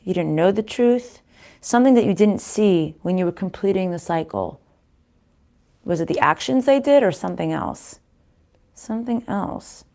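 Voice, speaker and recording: A woman giving a casual tarot reading to viewers, pausing to consult spirits aloud and often restarting her sentences. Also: on the low side, vocal fry, warm tone. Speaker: tarot card reader.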